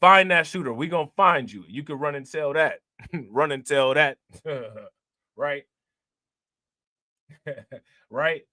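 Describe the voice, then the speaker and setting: Lively man hosting with a crisp, bright voice. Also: fairly high pitch, takes it slowly, pauses often, dry recording, clean studio sound. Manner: animated, laughs often, slangy shout-outs to viewers. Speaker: host reacting to crime news clips. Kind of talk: casual reaction commentary.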